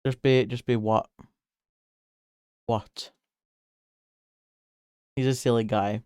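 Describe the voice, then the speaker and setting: A man chats loosely with his viewers as he draws, laughing often, cursing freely and now and then jumping up into excited squeals. His voice is smooth and clear, and he talks at an unhurried pace. The sound is dry and close. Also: no echo. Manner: giggly, swears freely, jumps to high excited squeals. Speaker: streamer drawing live. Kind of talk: casual chat while drawing.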